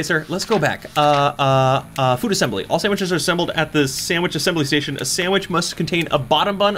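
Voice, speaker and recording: A man's voice: on the high side, fairly bright tone, slight background noise. A young man in playful let's-play commentary, chatting through a cooking game and greeting customers in a cheery service voice. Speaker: gaming YouTuber.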